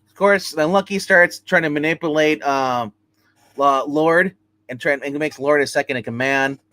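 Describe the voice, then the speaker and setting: A man's voice: on the high side, moderate pace, pushed and bright, no room sound. Rambling man retelling a comic plot. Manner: rambling plot retelling with many restarts and "he's like". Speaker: comic book reviewer, show host. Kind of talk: casual livestream review.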